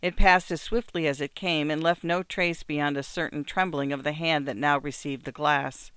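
Audiobook narrator, measured, even, smooth clear voice, dry close recording. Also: medium pitch, no room sound. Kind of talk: audiobook reading of classic fiction.

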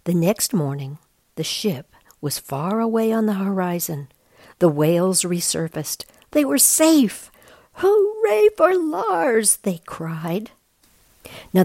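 Woman, low creaky voice, slow storybook reading, dry close sound. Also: no echo. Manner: slow, gentle, explanatory. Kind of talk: reading a picture book aloud, describing the pictures.

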